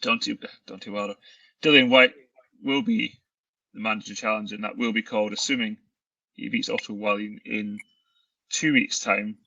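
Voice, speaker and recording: A man talking as a sports journalist in a casual chat, laying out facts in a measured way. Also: lowish voice, expressive, gravelly, pushed and bright, highs cut off.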